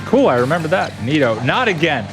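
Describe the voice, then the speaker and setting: A man's voice: a little high, very animated, fairly quick. A man streaming a video game live, upbeat and playful as he chats with his viewers. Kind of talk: casual live-stream chat while gaming. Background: game music.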